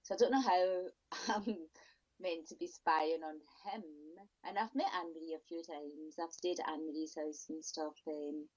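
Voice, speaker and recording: A woman's voice: deep voice, fairly even intonation, darkish tone. Outspoken woman on a dull lo-fi line. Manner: outspoken, exasperated, quick asides. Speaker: podcast guest. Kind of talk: casual interview chat. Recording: dull lo-fi audio.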